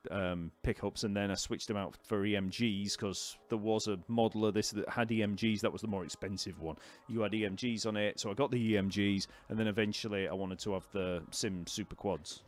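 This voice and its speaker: A man gives a live online bass lesson, explaining technique in a relaxed way, counting beats aloud and answering questions from the chat.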